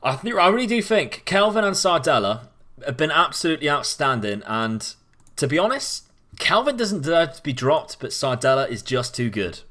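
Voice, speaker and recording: A young man, casually commenting as he plays a football management game, chatty and given to sudden loud cheering. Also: fairly high pitch, sing-song, moderate pace. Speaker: gaming commentator.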